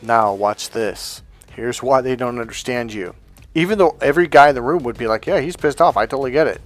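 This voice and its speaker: Blunt, animated man coaching on dating. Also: medium pitch, brisk, faint music behind. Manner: blunt, profane, emphatic, acts out quoted speech. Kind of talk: coaching monologue to men.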